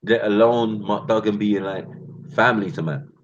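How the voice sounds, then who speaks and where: A man's voice: lowish voice, normal speed, dull audio, slight background noise. A man with a London accent hosting his channel, delivering a passionate rant full of street slang and calling his listeners bruv and fam. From England. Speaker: channel host.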